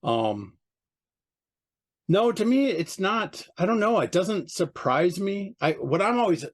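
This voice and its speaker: A man's voice: sits high, sing-song, slow. A man giving a casual interview as a record label owner, blunt and profane, with mocking asides. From United States.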